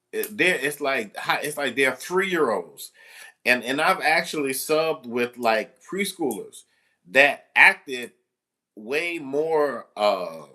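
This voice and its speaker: A man's voice: medium pitch, bright, forceful tone. A man who works as a substitute teacher, telling a rambling, exasperated and joking story with mild cursing. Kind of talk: casual storytelling to camera.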